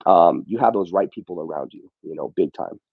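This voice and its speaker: A man's voice: deep voice, lively intonation, brisk, husky, no echo, phone-quality sound. A man speaking as a podcast guest in casual motivational talk, often saying "bro" and "you know what I mean".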